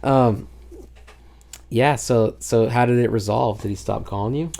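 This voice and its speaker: A man's voice: mid-range voice, measured pace, gravelly, mellow. A man co-hosting a podcast, chatting casually with dry, teasing banter. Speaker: podcast co-host. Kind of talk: casual chat.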